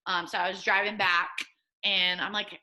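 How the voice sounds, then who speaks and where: A young woman with a Midwestern accent, a podcast guest telling a lively story and acting out what people said. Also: normal speed. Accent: American Midwest. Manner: animated storyteller, acts out quotes with high excited pitch. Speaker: guest, assistant soccer coach. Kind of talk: casual storytelling interview.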